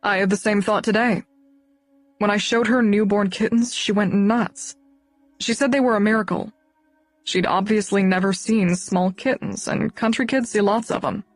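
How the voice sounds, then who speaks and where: An audiobook scene with a blunt, caring young man, as a woman narrator puts him on, speaking low and measured. The delivery sounds close and dry with faint music under it. His pitch sits in an ordinary middle range. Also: fairly even intonation, dry recording, natural voice. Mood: puzzled.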